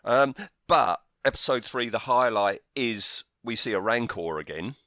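A man's voice: medium pitch, animated, unhurried, sharp tone, dry recording, clean studio sound. A man co-hosting a podcast, casually complaining in a blunt, exasperated way. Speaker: podcast co-host. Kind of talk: casual critique chat.

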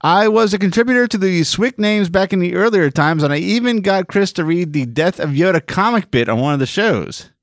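Animated male podcast host reading emails. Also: sits high, a little fast, hardly any pauses, no room sound, studio quality. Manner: animated, laughs often, reads emails aloud. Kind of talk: casual podcast chat.

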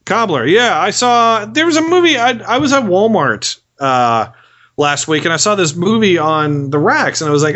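A man's voice: sits high, big pitch swings, moderate pace, a bit bright, lo-fi sound. A man hosting a podcast in casual chat, rambling, repeating his words, and swearing for laughs. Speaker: podcast host.

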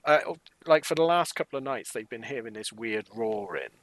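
A man's voice: medium pitch, animated, normal speed, a bit bright, no echo, rough recording. A man co-hosting a casual chat about a TV show, chatty and jokey, acting out quotes. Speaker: podcast co-host.

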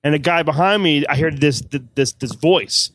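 A man's voice: on the high side, normal speed, a bit bright, no room sound. A man co-hosting a podcast in casual chat over a video call, rambling and repeating himself, with some swearing. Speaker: podcast co-host.

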